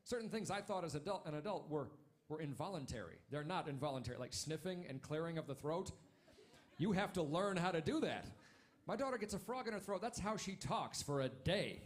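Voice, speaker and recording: A man in his thirties doing a stand-up comedy set on a club stage, wry and punchy, with quick asides to the crowd. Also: on the high side, expressive.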